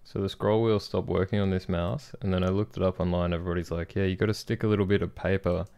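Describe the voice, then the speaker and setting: A man's voice: deep voice, flat delivery, fast talker, creaky, a little mellow, smooth. A young man streaming while he builds, chatting casually and ranting with jokes to his viewers. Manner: ranting, joking, talks to chat.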